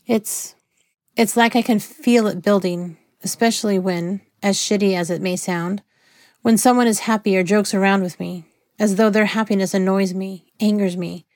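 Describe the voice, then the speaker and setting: A woman reading the part of a guarded, angry wounded man who speaks in low, clipped words. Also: fairly even intonation, normal speed, darkish tone, no echo, clean studio sound, lightly acted. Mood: troubled.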